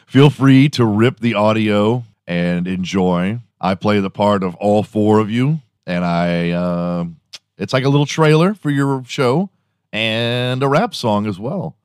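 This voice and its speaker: A man's voice: lowish voice, animated, slow pace, darkish tone, no echo, studio quality. A man hosting a podcast, telling a rambling comic story with frequent profanity and laughter. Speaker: podcast host. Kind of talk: rambling comedic monologue.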